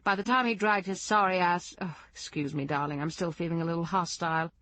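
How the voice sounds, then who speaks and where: A woman's voice: fairly low pitch, brisk, fairly bright tone, natural voice. A woman voicing a drawling, gossipy society editor woman with an affected manner. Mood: gossiping. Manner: drawling, affected, fond of "darling".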